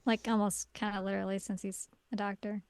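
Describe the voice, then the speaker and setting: A woman's voice: mid-range voice, level tone, fairly quick, clear, resonant tone, no room sound. A young woman co-hosting a podcast, adding dry, sarcastic asides in a casual chat. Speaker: podcast co-host.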